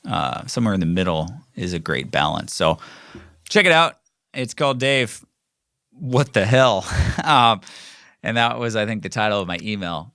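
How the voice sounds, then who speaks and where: Guy podcasting, kinda low but bright voice, rambly storytelling w lots of ums, dry close mic. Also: no room sound. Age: middle-aged. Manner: rambling, animated, many fillers and restarts. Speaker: podcast host. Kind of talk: casual storytelling monologue.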